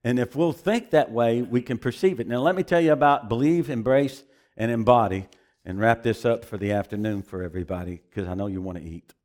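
A man's voice: mid-range voice, a little fast, a little mellow. A man preaching a sermon as pastor, emphatic and repeating phrases for emphasis.

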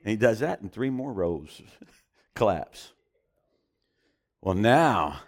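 A preacher telling a story in a sermon, animated and often chuckling as he goes. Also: on the low side, slow, pauses often.

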